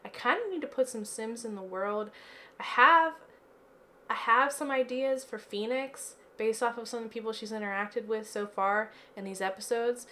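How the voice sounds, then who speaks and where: A woman's voice: a little high, moderate pace, pushed and bright, a little hiss or hum. A woman chatting casually through gameplay commentary from her home office, giggly and filling her talk with "like" and "um". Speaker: let's play gamer.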